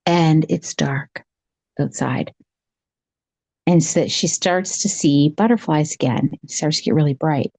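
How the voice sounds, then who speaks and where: A woman's voice: deep voice, unhurried, creaky, a little mellow, no room sound. A woman podcast host telling a spooky story in a chatty, casual way, with lots of repeated phrases.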